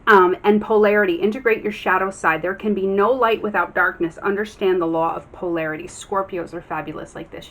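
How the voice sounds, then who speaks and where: A woman's voice: mid-range voice, bright, forceful tone. A woman giving a casual tarot reading to her viewers. She talks earnestly and encouragingly, with many ums and restarts. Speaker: tarot reader.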